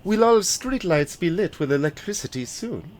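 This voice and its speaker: A man's voice: sits high, animated, moderate pace, darkish tone, pitched above the performer's own voice. A man voicing a polite male valet speaking in a story game, close to his own voice.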